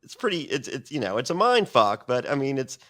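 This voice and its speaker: Brief: man guest, swears freely, rambling anecdote full of restarts, mid-pitched everyday voice. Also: big pitch swings, fairly quick, a bit bright. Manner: profane, rambling with many restarts. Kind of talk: casual storytelling interview.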